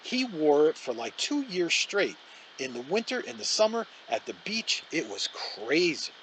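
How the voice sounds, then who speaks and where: A man's voice: a little high, very animated, measured pace, fairly bright tone, slight background noise, voice pushed up, full character voice, poor audio. A man reading aloud and voicing a chatty teenage girl in a casual, easygoing way. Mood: fond.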